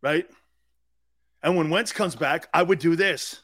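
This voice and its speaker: A man's voice: fairly high pitch, unhurried, long pauses. A man hosting a sports radio show, ranting in a comic way and acting out angry fans. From United States. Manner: animated, acts out angry fans in bursts. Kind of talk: loud comic sports talk rant.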